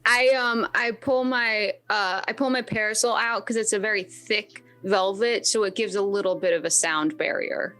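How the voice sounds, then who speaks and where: A woman playing a tabletop game over a video call, joking in character with droll, deadpan suggestions. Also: medium pitch, normal speed, few pauses. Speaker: tabletop player.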